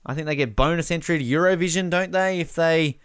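A man doing casual, joking commentary while watching a match, with bursts of excited shouting at big moments. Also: fairly high pitch, brisk, clean tone, no room sound, studio quality. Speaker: podcast co-host.

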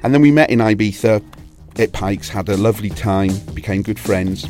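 Welsh male guest, low register, chatty storyteller, faint music underneath. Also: moderate pace, a little mellow. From Wales. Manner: rambling anecdotal storytelling, frequent restarts. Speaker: DJ and record label owner, interview guest. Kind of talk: casual interview chat.

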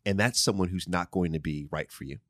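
A man's voice: low voice, brisk, fairly bright tone, no echo, studio quality. A man hosting a show, talking casually and answering listener questions, stressing points and repeating key phrases. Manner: emphatic, repeats key phrases, frequent "right?". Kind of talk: casual advice talk. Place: studio.

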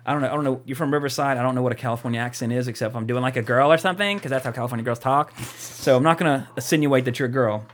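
A man's voice: medium pitch, very fast, slight background noise. A young man co-hosting a podcast, chatting casually and rambling, with lots of fillers, restarts and swearing. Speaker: podcast co-host.

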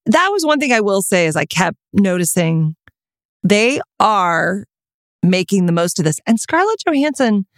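A woman co-hosts a podcast in loose, casual chat. Her pitch rises and falls a great deal as she talks, and she often trails off mid-thought. Her voice sounds dry and close, with no room behind it. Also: dry recording. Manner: chatty, animated, trailing off mid-sentence. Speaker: podcast co-host.

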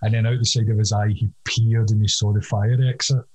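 A man's voice: fairly low pitch, level tone, a little fast, a little mellow, low-quality recording. A man telling a long anecdote in casual chat, acting out other people's voices and laughing often. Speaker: guest telling a story.

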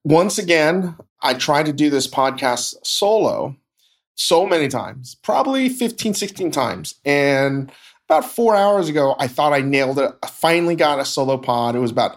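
A man hosting a podcast, talking in a halting, emotional way with many restarts. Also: on the high side, lively intonation. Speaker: podcast host. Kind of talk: casual podcast talk. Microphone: teleconference recording.

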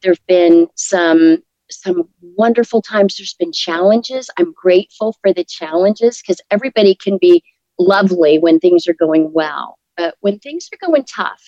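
A middle-aged woman talking as an interview guest, earnest and encouraging, with soft laughs slipping into her words. Her voice sits a little low. The recording is dry and slightly dull, with lo-fi sound. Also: measured pace, dry recording. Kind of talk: casual interview talk.

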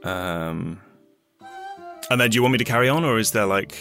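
A man with a fairly low, sharp-toned voice plays a tabletop game as a player, narrating his character's backstory at normal speed. He sounds hesitant, full of fillers and restarts, with guitar music in the background.

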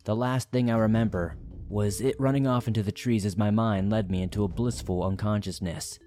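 Over faint background music, a man narrates a first-person horror story with dramatic suspense. His low, mellow voice keeps a steady tone and a brisk pace.

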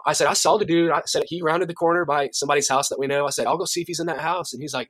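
Fast-talking man telling a story. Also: on the high side, no room sound. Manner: animated storyteller, acts out quoted voices, frequent restarts. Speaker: youth director at a ministry. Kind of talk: casual storytelling in an interview.

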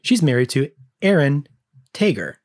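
A woman co-hosting a podcast, casually chatting and recapping a TV episode with jokey asides and quick laughs. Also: sits low, big pitch swings, a little mellow. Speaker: podcast co-host.

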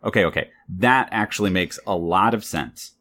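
Very low-pitched woman, curious interviewer asking questions in casual chat. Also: normal speed, a bit bright. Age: adult. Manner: curious, probing follow-up questions. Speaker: parent interviewing a child.

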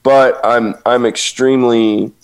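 A man's voice: mid-range voice, steady tone, measured pace, clear, resonant tone. A man talking as a podcast guest in casual chat, often laughing and rambling with lots of restarts. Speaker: guest drummer.

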